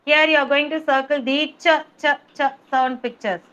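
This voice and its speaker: A woman teaching phonics to small children over a video call, sounding out letters slowly and patiently repeating words. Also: sits high, steady tone, sharp tone, highs cut off. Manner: slow, drawn-out sounding of letters, patient repetition. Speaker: kindergarten teacher. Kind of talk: online phonics lesson for young children.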